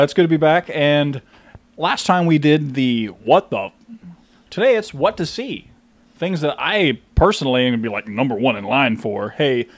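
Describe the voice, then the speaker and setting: A young man co-hosting a movie podcast, chatting casually with dry, deadpan jokes. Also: a little high. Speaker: podcast co-host, movie reviewer. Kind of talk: casual chat.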